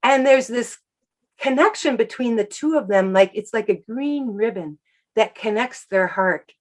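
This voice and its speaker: Softly reflective woman telling a story. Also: a little high, animated, measured pace, low-quality recording. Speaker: animal communicator guest. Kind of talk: storytelling in an interview.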